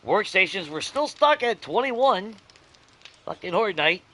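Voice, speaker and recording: A young adult man hosting a let's-play, chatting casually to his viewers, swearing freely and swinging between grumbling and giddy excitement. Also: high-pitched, unhurried, slight background noise. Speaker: gaming channel host.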